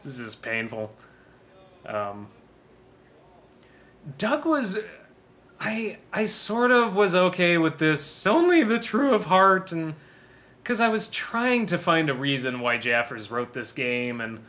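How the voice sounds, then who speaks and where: Bright-voiced man rambling through a commentary. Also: a little high, sing-song, takes it slowly, pauses often. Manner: rambling, self-deprecating, laughing often. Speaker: film commentator. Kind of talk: casual DVD commentary.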